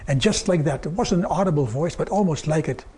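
Older man preaching, mellow voice. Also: animated, a little fast, husky. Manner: earnest storytelling, quoting God and people in softer lower tones. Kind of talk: sermon with personal stories.

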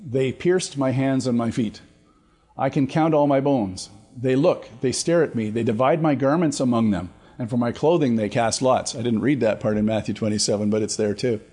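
A man's voice: mid-range voice, normal speed, warm tone, husky. A man teaching a Bible study, talking conversationally with fillers and restarts, and reading scripture aloud with rising emphasis.

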